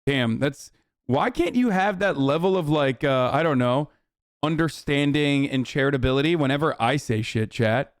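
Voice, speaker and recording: A man's voice: mid-range voice, animated, normal speed, dry recording, clean studio sound. A male streamer giving casual, profane, rambling commentary on clips and talking to his chat.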